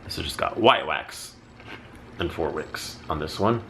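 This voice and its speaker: A man with a notably deep, low-pitched voice talks through a casual product review. He rambles in a friendly way, circles back and corrects himself as he goes, with a faint hiss of noise in the background. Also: expressive, measured pace, a bit bright. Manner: chatty, rambling, with self-corrections. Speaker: candle haul vlogger.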